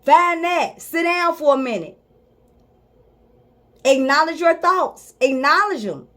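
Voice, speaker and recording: A woman's voice: high voice, lively intonation, slow pace, fairly bright tone. A woman life coach giving a motivational talk straight to her viewers, emphatic and informal, repeating her key points to drive them home. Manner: speaks directly to viewers, informal.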